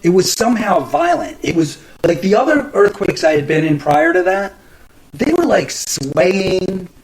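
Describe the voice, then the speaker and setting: Middle-aged male podcast host, loose profane storyteller, slightly high voice. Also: expressive, a little slow, noisy background. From New Jersey. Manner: rambling, profane, many restarts and fillers. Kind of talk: casual storytelling monologue.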